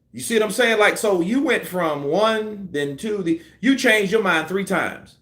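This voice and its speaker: A man's voice: sits high, moderate pace, hardly any pauses, roomy sound. A man giving casual, profane boxing commentary on a live stream, acting out punch combinations. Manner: animated, profane, acts out punch sequences.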